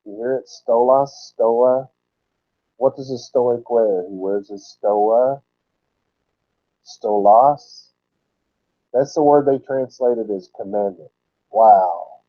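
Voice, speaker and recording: Male Bible teacher, mid pitch, sermon-style word-study delivery, slow repeats for emphasis, lo-fi recording. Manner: explains word roots, repeating words slowly for emphasis. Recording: dull lo-fi recording.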